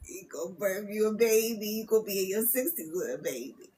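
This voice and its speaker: A woman reading spiritual messages on a live stream, loud and playful, laughing often as she teases her viewers. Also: medium pitch, expressive, brisk. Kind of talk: casual live-stream chat.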